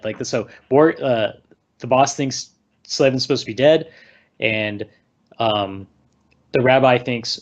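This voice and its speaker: A man recaps a movie in loose, rambling chat, slipping into quoted lines and chuckling. His voice sits in a middle pitch. The recording sounds a little muffled and lo-fi. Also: normal speed. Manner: rambling retelling, acting out lines with laughs. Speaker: podcast co-host recapping a movie. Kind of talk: casual chat. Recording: slightly dull lo-fi recording.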